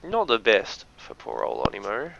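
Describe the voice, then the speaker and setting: Jokey aussie guy commentating a stream, kinda gravelly, muffled lo-fi mic with a bit of hiss. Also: fairly low pitch, wildly swooping pitch, normal speed. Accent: Australian. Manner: chatty, jokey, gives shoutouts. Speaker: esports commentator. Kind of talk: casual live-stream commentary. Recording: dull lo-fi stream audio, faint noise.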